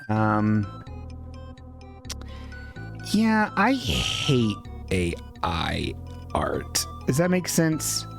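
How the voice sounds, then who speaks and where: A man co-hosting a comedy podcast, ranting profanely and spinning absurd deadpan stories. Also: mid-range voice. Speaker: podcast co-host.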